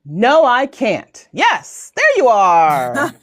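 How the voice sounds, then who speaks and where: A talkative American woman in her forties hosts a live online town hall over a video call. She chats and jokes her way along in a fairly high voice, swinging her pitch up and down. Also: wildly swooping pitch, drawn-out words. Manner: chatty, joking, rambling. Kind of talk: casual livestream chat.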